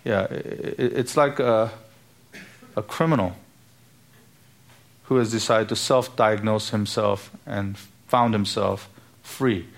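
A man's voice: fairly low pitch, fairly even intonation, slow, gravelly, long pauses. A man preaching a sermon to his church, emphatic and full of rhetorical questions. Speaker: pastor.

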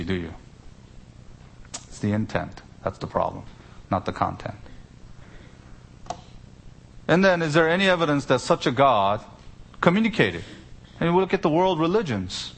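A man preaching an expository sermon, stressing key words with sudden lifts and asking rhetorical questions. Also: mid-range voice. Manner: explains Greek grammar with rhetorical questions. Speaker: pastor.

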